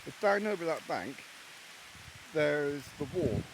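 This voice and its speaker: This Englishman's fairly high voice is very animated yet slow as he rambles in a casual vlog about his solo camp in rainy woodland. He talks bluntly and swears freely. Heavy background noise and loud rain dominate the outdoor recording.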